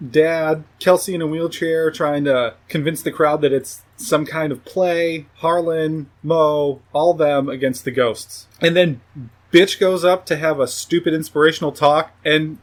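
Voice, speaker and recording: A man recapping a film plot for his review podcast, casual and profane, now and then mimicking characters in a higher voice.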